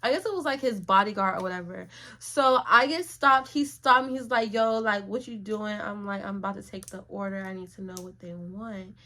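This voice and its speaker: A woman's voice: medium pitch, fairly quick. A young woman vlogging a story in a casual, slangy way, acting out what people said. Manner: animated, slangy, acts out quotes.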